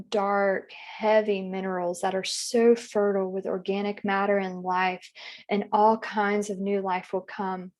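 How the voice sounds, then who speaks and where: A woman guiding a hypnosis session, speaking softly and slowly as she passes on her client's words and asks gentle questions. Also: medium pitch. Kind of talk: relaying a regression session.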